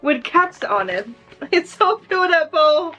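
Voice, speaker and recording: A woman's voice: high-pitched, sing-song, slow, bright, forceful tone, faint music behind. A woman vlogger chatting casually through an unboxing, emotional and laughing often.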